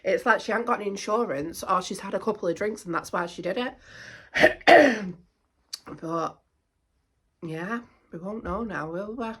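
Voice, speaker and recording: Lady vlogging to the camera, animated and indignant, keeps repeating herself, bright sharp voice. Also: mid-range voice, measured pace, long pauses, slightly rough. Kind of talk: casual chat to camera.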